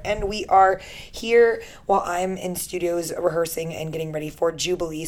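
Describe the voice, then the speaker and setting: A woman's voice: deep voice, a little mellow. A young woman from the United States co-hosting a podcast, chatting casually in a bubbly, teasing way and laughing often. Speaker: podcast co-host. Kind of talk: casual chat.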